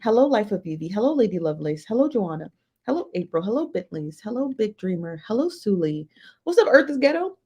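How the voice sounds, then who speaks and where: A woman's voice: medium pitch, very animated, fast, dark tone, breathy edge. Chatty woman hosting a livestream. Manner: chatty, greets viewers by name, laughs often. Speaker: livestream host. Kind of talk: casual livestream commentary. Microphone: phone.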